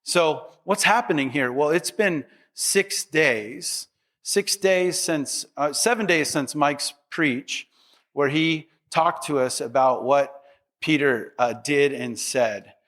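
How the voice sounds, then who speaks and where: A man's voice: fairly high pitch, takes it slowly, a bit bright. A middle-aged man preaching a sermon as pastor, conversational and humorous, with asides to the congregation.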